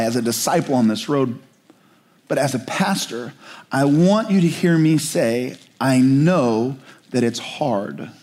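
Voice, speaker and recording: A pastor with a medium-pitched, slightly mellow voice preaches a passionate, searching sermon. He moves between slow, pleading questions and faster explanatory asides.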